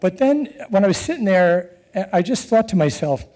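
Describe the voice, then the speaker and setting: Earnest high-voiced middle-aged man storytelling. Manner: earnest and animated, with chuckles and halting restarts. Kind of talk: personal storytelling.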